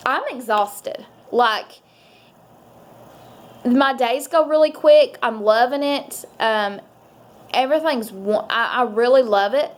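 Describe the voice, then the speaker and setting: A woman's voice: mid-range voice, slight background noise. A woman chatting casually to her viewers, rambling with lots of fillers. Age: adult parent. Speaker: vlogger. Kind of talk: casual chat to camera.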